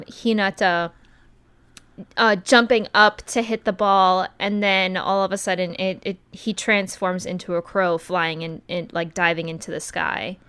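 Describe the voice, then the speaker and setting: Slow, halting woman podcast co-host. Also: medium pitch, a bit bright, clear, resonant tone. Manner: slow, halting, with many ums and uhs. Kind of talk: casual podcast chat.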